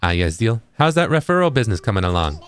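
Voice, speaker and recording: A man's voice: on the low side, very animated, fairly bright tone, faint music behind. A man putting on a sly, pushy fox merchant. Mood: wheedling salesman. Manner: fast-talking salesman patter, wheedling. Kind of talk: reading game dialogue aloud in character.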